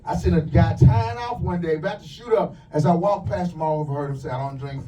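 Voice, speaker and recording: A man doing a stand-up comedy set in a club, telling crude, punchy stories with quick asides. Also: on the high side, warm tone, distant mic, a little hiss or hum, poor audio. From lives in the USA.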